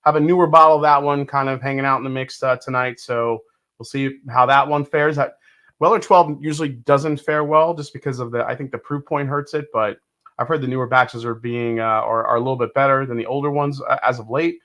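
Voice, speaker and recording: A man's voice: mid-range voice, steady tone, brisk. Upbeat rambling whiskey show host, man. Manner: rambling, hesitant with many fillers and restarts; loud upbeat greetings to the chat. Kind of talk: casual live-stream chat.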